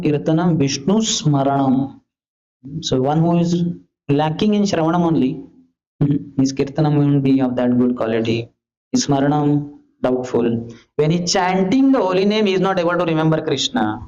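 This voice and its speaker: Man preaching, slightly high voice, animated and repetitive, dull lo-fi recording. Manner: animated, repetitive, shouts for emphasis. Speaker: preacher giving a class. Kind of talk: devotional class lecture.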